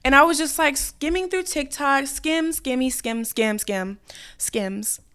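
A young woman hosting a solo podcast, talking in a loose, animated, rambling way and swearing casually. Her voice sits a little high for a woman. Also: a little slow. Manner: chatty, animated, swears casually, scattered storytelling. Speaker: podcast host.

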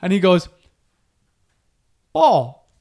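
A young man co-hosting a podcast, joking and swearing loudly and jumping high in pitch as he tells stories. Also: wildly swooping pitch, drawn-out words, vocal fry. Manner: loud, profane and joking, swings pitch up high when telling stories. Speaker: podcast co-host. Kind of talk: casual chat.

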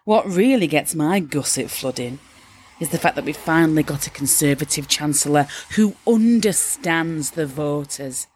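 A woman's voice: sits low, animated, normal speed, a little mellow, breathy edge. An actress playing a brash, gushing Yorkshire mother who turns rude in a flash, in a comedy sketch monologue. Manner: gushing, breathless, sudden swearing.

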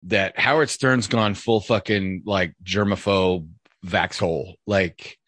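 A man's voice: low-pitched, fairly even intonation, slow pace, fairly bright tone, no echo. A man hosting a casual podcast chat, talking in a profane, rambling way. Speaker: podcast host.

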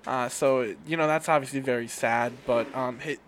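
A man's voice: mid-range voice, fairly even intonation, normal speed, a little hiss or hum. A man co-hosting a podcast in a casual, rambling chat, often laughing and restarting his sentences with fillers. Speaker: podcast co-host.

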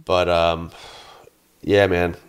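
A man in his thirties, a podcast co-host, telling an animated story in casual chat, swearing and acting out his own yelling. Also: low voice, drawn-out words, clean tone.

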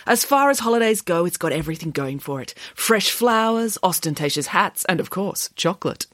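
Une femme jouant une nounou cochonne gourmande et joyeuse. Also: female voice, fairly low pitch, animated, fairly quick, dry recording, clean studio sound, natural voice. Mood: gleeful. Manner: gushing, cheerful. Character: jolly greedy female flying pig nanny.

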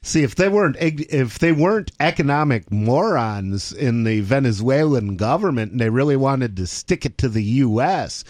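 A man's voice: medium pitch, animated, normal speed, few pauses, darkish tone. A man co-hosting a casual talk show, making sarcastic, wry asides. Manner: sarcastic, wry asides, laughs at own jokes. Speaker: podcast co-host. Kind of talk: casual chat.

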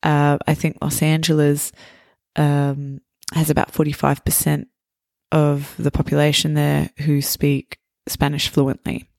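A woman hosting a podcast, speaking clearly and deliberately in a teacher voice for language learners. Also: sits low, completely flat delivery, a little mellow, no echo, studio quality. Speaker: podcast host. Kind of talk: casual interview, slow teacher voice.

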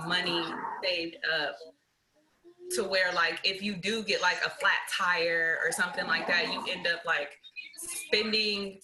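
A woman's voice: fairly low pitch, low-quality recording. A woman guest in casual chat, talking earnestly and often checking in with "right?". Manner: earnest, keeps asking "right?".

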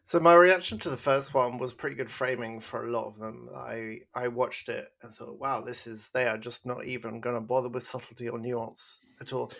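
A man's voice: medium pitch, moderate pace, gravelly, hardly any pauses. A man co-hosting a podcast, talking animatedly in casual review chat and mimicking characters in mocking voices. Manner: animated, mocking put-on voices when quoting. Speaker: podcast co-host.

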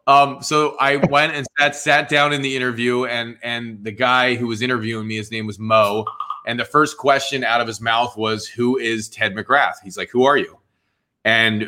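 Here a man in his forties, New Jersey accent, medium pitch, normal speed, tells his story in an interview. He's animated and casual, voicing the dialogue himself with plenty of "dude" and "man."

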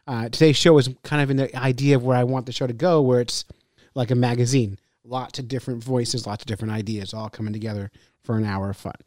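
A man co-hosting a fishing podcast, a laughing, animated storyteller in casual chat. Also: mid-range voice, fast, dry recording, clean studio sound. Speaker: podcast co-host and fishing guide.

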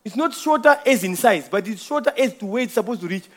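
A man's voice: high-pitched, lively intonation, quick pace. A man giving an informal church testimony, telling a rambling story with frequent chuckles.

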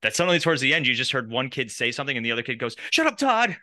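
A man hosting a podcast interview, reacting with quick, lively comments and jokes. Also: mid-range voice, dry recording, studio quality. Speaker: podcast host. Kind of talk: casual interview chat.

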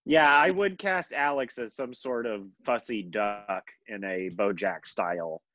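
A man's voice: on the low side, unhurried, pushed and bright, no echo, lo-fi sound. A young man co-hosting a casual podcast chat, rambling with many fillers and restarts. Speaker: podcast co-host.

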